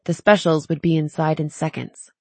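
Low, husky woman narrating an audiobook. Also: no room sound. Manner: steady, measured storytelling. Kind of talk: scripted narration.

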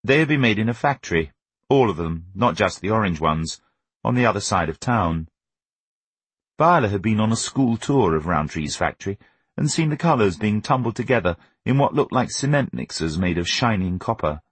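A man reading a novel aloud as an audiobook narrator, with an expressive, wry storytelling manner. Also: fairly low pitch, normal speed, husky, no room sound. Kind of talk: scripted narration.

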